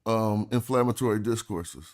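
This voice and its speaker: Pria santai yang bicara tegas. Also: male voice, lowish voice, normal speed, darkish tone. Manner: loose, emphatic, streetwise talk. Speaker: stream host. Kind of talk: casual discussion.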